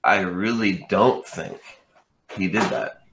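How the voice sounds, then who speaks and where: A man as an interview guest in casual chat, telling a story in an animated way and swearing freely. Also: deep voice, slow, background noise.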